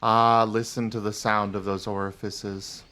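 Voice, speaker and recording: A man hosting a casual gameplay livestream, chatting and thanking viewers with frequent filler pauses. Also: on the low side, flat delivery, bright, forceful tone. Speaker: livestream host.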